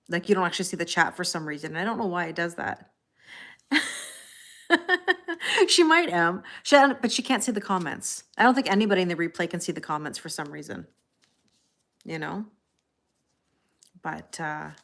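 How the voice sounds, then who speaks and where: A woman's voice: lowish voice, fairly bright tone. Chatty woman doing a live tarot reading. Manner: chatty, answers viewers' comments by name, laughs often. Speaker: tarot reader.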